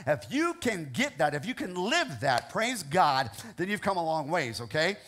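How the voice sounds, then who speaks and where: A man's voice: a little high, very animated, normal speed, a bit bright, a little hiss or hum. A man with a Midwestern American accent preaching a sermon as pastor, earnest and repetitive, often checking in with the congregation. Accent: Ohio, American Midwest. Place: church sanctuary.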